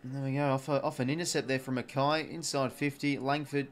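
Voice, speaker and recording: A young Australian man calls the footy live from his desk mic, mixing quick play-by-play with laid-back chat to viewers. His voice sits at an everyday middle pitch and lifts with excitement when a goal goes through. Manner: chatty, reads chat aloud, excited on goals. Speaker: live watch-along host. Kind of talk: casual play-by-play commentary and chat.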